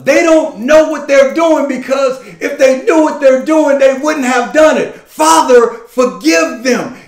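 A man preaching a dramatic first-person sermon monologue, impassioned, stammering and repeating words as he builds to shouted lines. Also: very high voice, reverberant. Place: church sanctuary.

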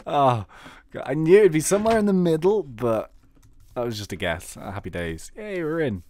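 Chatty man with lively pitch. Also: normal speed, a little hiss or hum. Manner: chatty, excitable, rambling. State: slightly sore throat. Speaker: game commentator. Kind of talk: casual let's play commentary.

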